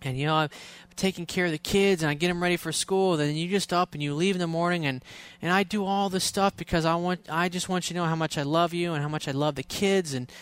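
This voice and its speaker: A man's voice: on the high side, fairly even intonation, fast talker, clear, resonant tone, pitched above the performer's own voice, lightly acted. A man doing a sulking, upset girlfriend. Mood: hurt. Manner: whiny, complaining.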